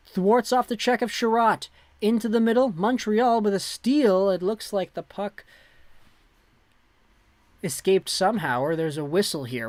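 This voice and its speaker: A man calling hockey play-by-play on his own livestream, excitable and jumping up loud on big saves. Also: high voice, dry recording. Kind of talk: play-by-play commentary.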